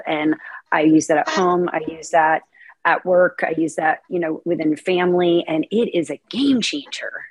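Calm low-voiced woman guest, dry. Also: breathy edge, no room sound. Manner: calm, measured, thoughtful. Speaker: guest, burnout coach. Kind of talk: interview conversation.

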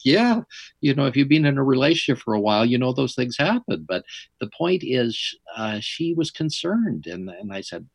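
Husky-voiced man telling his story. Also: mid-range voice, normal speed, no room sound. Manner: animated, wry storyteller. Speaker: interview guest. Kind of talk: storytelling in an interview.

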